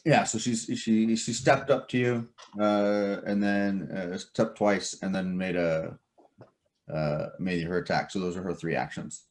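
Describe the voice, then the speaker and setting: A man's voice: deep voice, steady tone, measured pace. A man running a tabletop game as game master, explaining the scene at length with many fillers and restarts.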